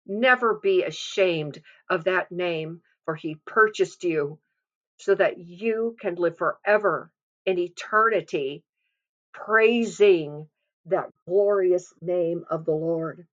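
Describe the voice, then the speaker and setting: A woman with a low voice gives an earnest devotional testimony. She exhorts her listeners and repeats phrases to drive them home. The recording sounds dull and lo-fi. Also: takes it slowly. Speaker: devotional speaker.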